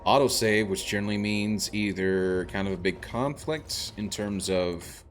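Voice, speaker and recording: A man's voice: fairly low pitch, a little slow, slight background noise. A man streaming a video game, thinking aloud in a rambling, self-deprecating way. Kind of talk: casual gameplay commentary.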